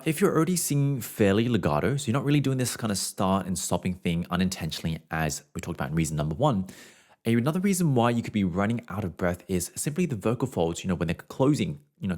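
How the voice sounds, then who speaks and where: A man's voice: low voice, animated, quick pace, darkish tone. A young adult man, a voice teacher, explaining singing technique in a casual way and showing it with hums and short scales.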